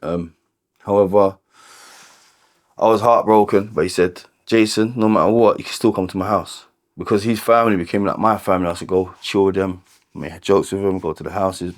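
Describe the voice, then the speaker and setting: A man with a London accent and a low, deep voice recounts his life story. His telling is candid and unpolished, full of restarts, repeated words and casual "like"s. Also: steady tone. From London, England. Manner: halting, repeats words and restarts, many filler "like"s.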